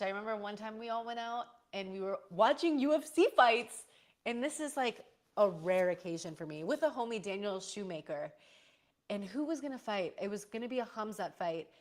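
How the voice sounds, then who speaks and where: Young woman rambling on a livestream, chatty and playful, lots of slang. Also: medium pitch. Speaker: streamer answering chat. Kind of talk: casual live-stream chat.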